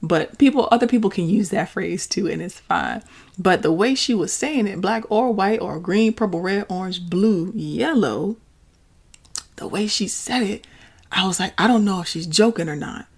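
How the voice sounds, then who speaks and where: A woman, hosting a podcast and telling a story in a chatty, animated way, talking straight to her listeners. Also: medium pitch, moderate pace, slightly rough. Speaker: podcast host. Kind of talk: casual storytelling monologue.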